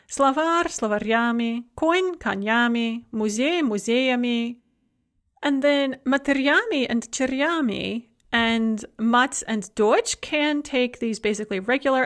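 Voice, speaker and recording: A woman's voice: a little high, a bit bright. A woman teaching a recorded grammar lecture, explaining rules and then reading examples word by word. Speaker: language teacher.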